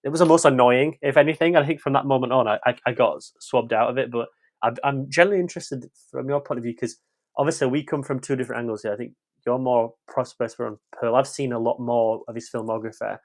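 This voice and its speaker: Man, podcast film critic, blunt, swears, mid-pitched voice, restarts a lot. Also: fairly even intonation, fast. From West Yorkshire, England. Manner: frank and blunt, swears freely, tumbling restarts. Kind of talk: casual podcast film review.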